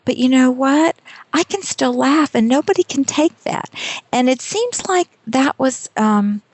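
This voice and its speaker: A middle-aged woman, a guest author in an interview, tells stories in an animated, self-deprecating way and laughs often. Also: sits high, unhurried, dry recording. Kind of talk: conversational interview.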